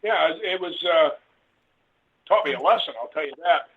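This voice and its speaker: A man on a tinny phone line tells a rambling story with lively quoted dialogue. His voice is husky and sits a little high. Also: normal speed. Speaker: guest author. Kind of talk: casual storytelling interview. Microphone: phone call.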